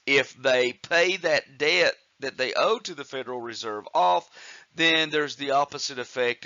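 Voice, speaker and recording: Slow, methodical male economics lecturer. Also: mid-range voice, bright, forceful tone, no room sound, highs cut off. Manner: slow, methodical, with frequent uh fillers and restarts. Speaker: economics instructor. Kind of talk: recorded lecture.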